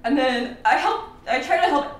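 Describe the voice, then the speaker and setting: A woman's voice: high voice, lively intonation, moderate pace. A woman recapping a tabletop game session as a player, playful and giggly, acting out what others said. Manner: giggly, playful storyteller, acts out quotes. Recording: very echoey, distant mic, faint noise.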